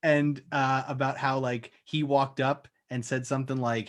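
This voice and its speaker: A woman's voice: very deep voice, steady tone, moderate pace, few pauses. A woman co-hosting a podcast, casually reviewing a movie and retelling scenes with lots of laughter. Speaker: podcast co-host.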